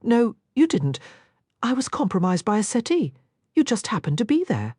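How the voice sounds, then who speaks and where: A woman voicing an impulsive young noblewoman who talks quickly, indignantly and earnestly, in a dry, close audiobook recording. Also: mid-range voice, very animated, no room sound, close to an everyday voice.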